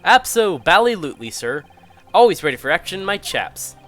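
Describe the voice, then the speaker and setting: A man's voice: mid-range voice, sing-song, moderate pace, fairly bright tone, soft background music. A man voicing a blustering retired army officer who leads a jury, with hearty, clipped military chatter. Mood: eager.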